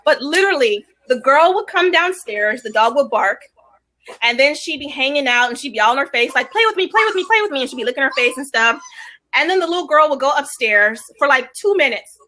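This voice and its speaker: A woman chatting casually as a guest on a video call, telling lively stories and acting out quotes. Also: high voice, a little fast. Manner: animated storyteller acting out quotes. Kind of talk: casual livestream chat.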